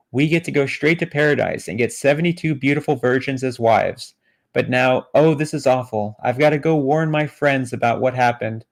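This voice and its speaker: Brief: frightened fleeing man, flat reading by a man, gravelly, no accent. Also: medium pitch, close to an everyday voice. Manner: flat read-aloud, no put-on accent.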